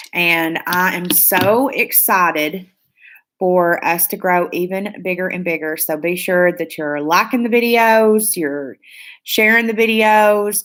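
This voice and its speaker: A woman's voice: lowish voice, fairly bright tone. A woman hosting a casual beauty live stream, reading viewer comments aloud in a gushing, chatty way with lots of fillers.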